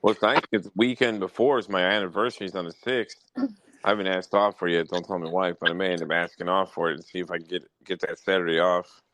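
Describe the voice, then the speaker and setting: Talking at a quick pace in a low, steady, slightly bright voice, a young man hosting a laid-back podcast swears his way through stories and grows increasingly heated. The recording is rough.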